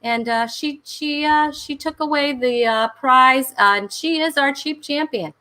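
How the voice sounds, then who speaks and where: Bright-voiced chatty woman host. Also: sits high, a little slow. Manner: chatty, rambling with many fillers and laughs. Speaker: comedy talk show host. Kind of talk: casual livestream chat.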